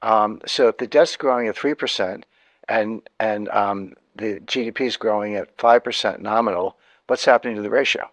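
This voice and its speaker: A man's voice: lowish voice, moderate pace, dry recording. A man, a guest in an interview, explaining economics emphatically, repeating key points and often restarting sentences.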